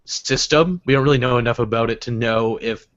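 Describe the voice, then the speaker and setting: A man's voice: medium pitch, fairly even intonation, a little fast, fairly bright tone, muffled recording. A man in a casual livestream discussion, emphatic and critical, prone to exasperated rants.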